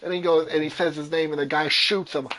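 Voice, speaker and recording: A man's voice: on the high side, level tone, fairly quick, fairly bright tone, a little hiss or hum, poor audio. A young man in casual chat, rambling and swearing, retelling movie scenes and acting out the lines. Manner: rambling, profane, restarts a lot, acts out quotes. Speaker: gamer chatting while playing.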